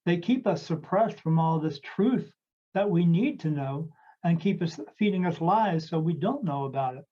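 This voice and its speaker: A man's voice: on the high side, animated, moderate pace. A man hosting a podcast as a medium, telling stories in a rambling, casual way with many fillers and restarts. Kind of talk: casual storytelling chat. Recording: dull lo-fi audio.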